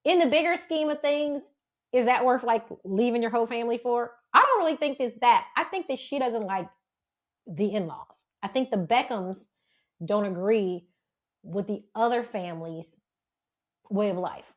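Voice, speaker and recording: A woman in her thirties co-hosts a casual podcast chat. Her voice sits slightly high and swoops with a lot of expression. She laughs often and drops casual swears. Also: expressive, moderate pace. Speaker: podcast co-host.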